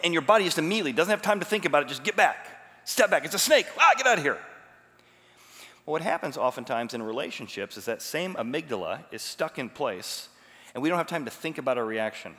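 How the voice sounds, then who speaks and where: A man's voice: medium pitch, fairly bright tone. A man preaching a sermon as a pastor, teaching emphatically and asking rhetorical questions. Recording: long hall reverb.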